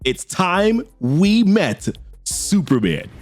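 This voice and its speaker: A man reading out the lines of a calm, stern young female superhero at a slow, measured pace. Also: high voice, faint music behind, exaggerated voice.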